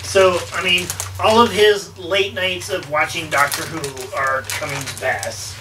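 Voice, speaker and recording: A man narrating a tabletop game as game master, halting, with many ums and restarts. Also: a little high, fairly even intonation. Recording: distant mic with background noise.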